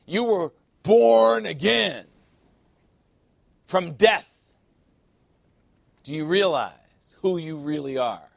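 A pastor in a church sanctuary preaches a sermon in a high-pitched, lively voice, speaking extremely slowly with a creaky quality and frequent pauses. He calls for amens in call-and-response style and jokes playfully with the congregation between points. There's no room sound.

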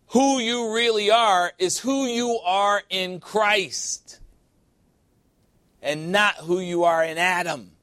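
A man preaching a sermon with a fairly high voice, drawing amens from his congregation and tossing in playful asides. The sound is dry and close with little room echo. He moves between teasing banter and earnest teaching. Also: a bit bright. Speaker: pastor. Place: church sanctuary.

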